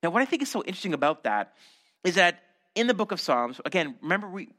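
A male pastor preaching in a casual, conversational way, with a bright, ringing tone. His pitch leaps around animatedly, and he acts out quoted voices, sliding from loud and high to low and hushed. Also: sing-song, quick pace. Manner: conversational preaching with frequent "right?" and repeated words. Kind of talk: sermon.

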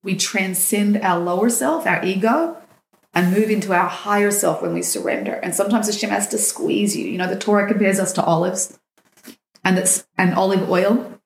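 A dating coach on a podcast speaks at a moderate pace in a medium-pitched, creaky voice, recounting a personal story with emotion. She animatedly acts out the dialogue, and the recording is reverberant.

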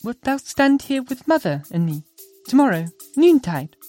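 A man voicing a strange elfin little girl in a storybook reading, whispering in a high, eerie voice. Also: sing-song, moderate pace, a little mellow, no echo, faint music behind. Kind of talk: audiobook dialogue.

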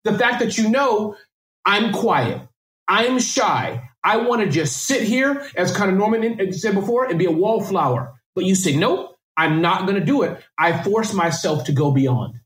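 Fast-talking energetic man in a roomy echo. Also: high voice. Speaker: guest. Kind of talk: casual interview answers.

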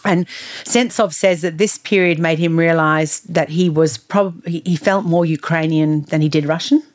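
Brief: woman podcast co-host, lowish voice, relaxed storyteller who talks things through with many fillers. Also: normal speed. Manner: chatty, recounts news at length with frequent fillers. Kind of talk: casual conversational storytelling.

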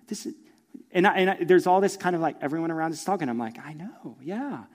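A middle-aged male pastor telling a story in a sermon, acting out voices and swinging from hushed asides to loud emphasis. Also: high voice, expressive, brisk. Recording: long reverb of a large hall.

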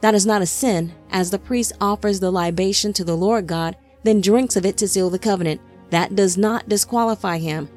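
A woman's voice: mid-range voice, normal speed, few pauses, darkish tone, close to an everyday voice. A woman reading the part of a devout young man who argues earnestly with his brother, faint music behind.

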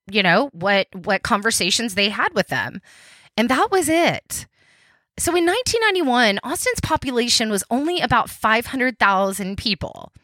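True crime podcast host, woman, chatty storyteller, lively pitch, dry close sound. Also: no room sound. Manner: chatty, many restarts and fillers, addresses listeners as guys. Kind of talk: casual storytelling narration.

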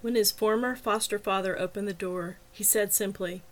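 A woman's voice: mid-range voice, fairly even intonation, normal speed. Woman, storybook narrator, scripted reading, light character voices, mystery serial. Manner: reads dialogue with lightly lifted voices for characters.

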